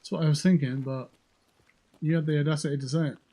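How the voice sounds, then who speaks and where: A game streamer with a mid-range voice chats quickly and steadily to themselves while looting, joking around and swearing plenty. The casual gameplay commentary plays over a noisy background.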